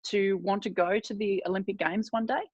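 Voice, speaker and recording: A woman's voice: medium pitch, fairly even intonation, brisk, a little mellow, slightly rough, no echo. A woman interviewing two athletes, asking brief, encouraging questions. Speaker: interviewer, Olympic rower. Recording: dull lo-fi sound.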